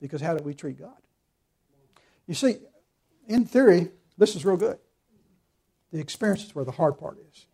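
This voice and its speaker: A man's voice: fairly high pitch, animated, normal speed, gravelly, pauses often, warm tone, husky. A pastor preaching an earnest, emphatic sermon, quoting scripture and calling his listeners to forgive.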